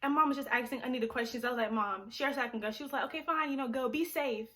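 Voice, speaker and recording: A teenage girl telling a storytime vlog in a chatty, animated way, full of fillers and acted-out quotes. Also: high-pitched, racing. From Liberian family. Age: teens. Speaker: vlogger.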